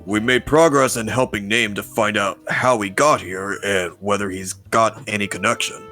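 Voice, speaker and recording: A man's voice: lowish voice, steady tone, normal speed, sharp tone, faint music behind. A man reading visual novel dialogue aloud with friends, with easygoing line reading.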